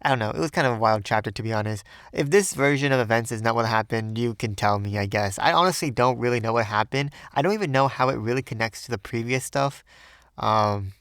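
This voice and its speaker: Brief: male audiobook reader, mid-pitched, dry close mic, rambling and self-deprecating in his afterword. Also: fast talker, a bit bright, no room sound. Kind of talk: audiobook narration with casual afterword.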